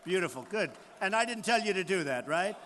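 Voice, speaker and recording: A man's voice: high-pitched, lively intonation, a little fast, bright, forceful tone. A man in his sixties giving a campaign rally speech, boastful and repetitive, riffing off the crowd. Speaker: political candidate. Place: large rally venue. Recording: long hall reverb, faint crowd noise.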